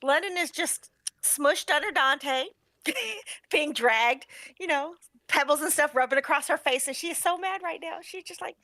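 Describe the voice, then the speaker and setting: A woman player narrates her character's actions in a tabletop role-playing game with animated amusement. Her voice is high and bright. The sound is dry and close. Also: normal speed, no echo.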